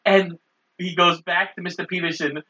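A man with a bright, forceful voice steadily narrates a film's plot in a relaxed chat. He quotes the characters' lines as he goes. The sound is dull and lo-fi. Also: high-pitched, normal speed. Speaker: podcast co-host.

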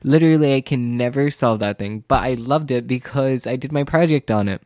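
A teenage male student telling a rambling, casual story, full of "like" and "literally," and growing animated when he feels wronged. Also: medium pitch, a little fast, no room sound, clean studio sound.

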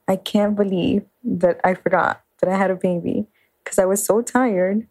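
A mother telling an animated, funny anecdote. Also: mid-range voice, moderate pace, no room sound, rough recording. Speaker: mother sharing a story. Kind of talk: casual anecdote. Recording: dry, close recording.

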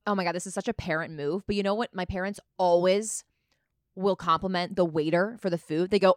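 A woman's voice: on the low side, fairly even intonation, brisk, dry recording, clean studio sound. A young adult woman co-hosting a podcast, reacting with gushing exclamations in casual chat. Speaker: podcast co-host.

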